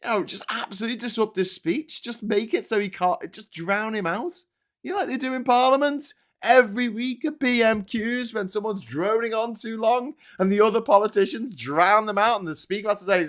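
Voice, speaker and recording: A man's voice: sits high, brisk, a bit bright. Angry, sweary Liverpool-accented man ranting. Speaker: political commentary host. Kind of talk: live-streamed political rant.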